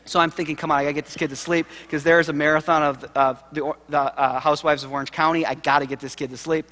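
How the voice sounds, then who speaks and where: A man, a seminary professor, giving a keynote lecture, telling stories with animated, self-deprecating humor. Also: a little high, fast. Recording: long hall reverb.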